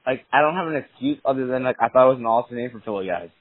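A man chatting casually about fantasy football, an excitable storyteller who swears a lot and acts out quotes. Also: medium pitch, rapid-fire. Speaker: podcast co-host. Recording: dry, tinny phone-line sound.

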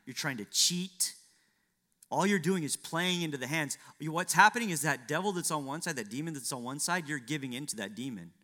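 Bright high-voiced male pastor preaching. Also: animated, fairly quick. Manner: preaching with swelling, emphatic repetition. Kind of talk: sermon.

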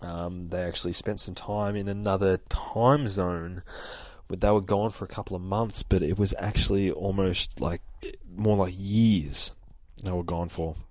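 Low-voiced man chatting through a comic. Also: fairly even intonation, measured pace, darkish tone, no room sound. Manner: casual, chatty, swears, many fillers; holds his voice down. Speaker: comic book reader. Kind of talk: casual comic read-through. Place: home with a child asleep nearby.

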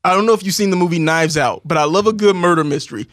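A man's voice: high voice, racing, fairly bright tone, dry recording, studio quality. A man with a Southern American accent, co-hosting a casual chat and reviewing movies, chatty, laughing and acting out scenes.

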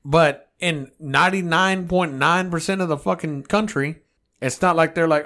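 A man's voice: a little high, normal speed, bright, forceful tone. Heated, profane man ranting on a podcast. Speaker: podcast co-host. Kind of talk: casual podcast rant.

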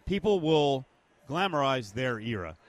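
A man's voice: mid-range voice, big pitch swings, unhurried, no echo. Opinionated male sports host in his fifties. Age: 50s. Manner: opinionated, steers the discussion. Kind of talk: casual sports radio chat.

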